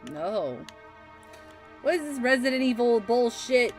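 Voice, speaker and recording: A woman's voice: a little high, very animated, a little slow. A woman streaming a video game live, chatting and swearing as she reacts to what she finds. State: yawning, tired. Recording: game music underneath. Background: game music.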